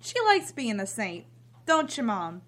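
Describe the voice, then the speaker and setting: An actress playing a bitter, cynical grown daughter who talks with sarcastic scorn. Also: female voice, a little high, sing-song, unhurried, a bit bright, full character voice. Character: bitter cynical adult daughter living at home. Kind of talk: drama scene.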